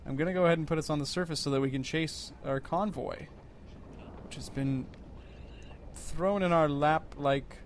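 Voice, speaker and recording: A man's voice: fairly high pitch, a little hiss or hum. A man giving casual, rambling let's-play commentary with wry, self-mocking humor.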